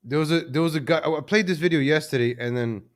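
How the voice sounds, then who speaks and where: A man's voice: a little high, fast talker. Casual home streamer, male, chatty, loops phrases, desk mic. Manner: chatty, easily distracted, repeats himself. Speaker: livestream host. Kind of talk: casual live-stream chat. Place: home room at his computer. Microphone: desk microphone.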